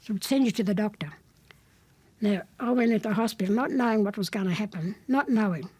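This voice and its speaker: Blunt husky older Australian woman. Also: medium pitch, fairly quick, a little mellow. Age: 70s. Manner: blunt, plain-spoken, with dry defiance. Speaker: interviewee recounting her childhood. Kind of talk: spoken testimony, plain storytelling.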